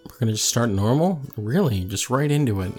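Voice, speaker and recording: A man's voice: mid-range voice, expressive, a little fast, darkish tone, faint music behind. Teasing sarcastic young man co-host. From New Jersey. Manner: teasing, sarcastic banter, swears casually. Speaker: podcast co-host. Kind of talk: casual chat.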